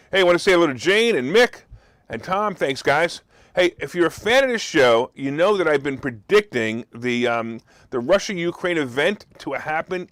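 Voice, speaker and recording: A man's voice: on the high side, a bit bright, no room sound. A man hosting a market talk show, delivering a sarcastic, mocking commentary monologue. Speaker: host.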